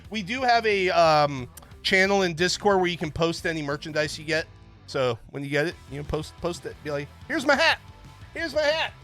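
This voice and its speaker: Bright-voiced jokey male streamer. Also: a little high, a little fast, faint music behind. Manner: rambling, jokey, chatting with viewers. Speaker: stream host. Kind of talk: casual livestream chat.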